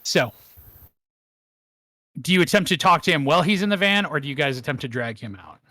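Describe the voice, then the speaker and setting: A man narrating as game master of a tabletop game, in a measured, descriptive way. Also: a little high, animated, bright, forceful tone, no echo.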